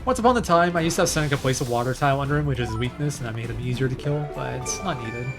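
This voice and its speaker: A man with a medium-pitched voice gives rapid-fire, casual live commentary on his speedrun, chatting and thinking aloud as he plays. Game music runs in the background.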